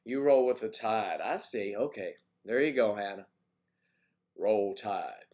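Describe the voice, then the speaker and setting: A man's voice: on the low side, measured pace, a little mellow. A man hosting a casual morning livestream, reading out viewers' names and comments and answering them with easygoing jokes. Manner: easygoing, joking asides. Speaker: livestream host.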